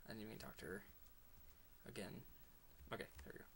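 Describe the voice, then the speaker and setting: Man, gamer, let's play commentary, lively swooping voice, laughs a lot, whispered asides. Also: fairly low pitch, quick pace, creaky, background noise. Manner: excitable, laughs often, drops into whispered asides.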